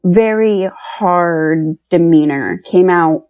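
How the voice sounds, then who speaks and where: A woman's voice: lowish voice, slow pace, darkish tone. A woman in her thirties from Pennsylvania, telling her personal story as a podcast guest and acting out the dialogue as she retells it. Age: 30s.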